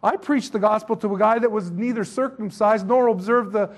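A man's voice: high voice, fairly quick. A man voicing the apostle Peter, emphatic and protesting in a Bible retelling. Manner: emphatic, interrupting himself.

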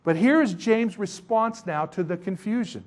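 A man teaching a Bible chapter in a casual, conversational sermon, with animated, slangy asides. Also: high voice, normal speed.

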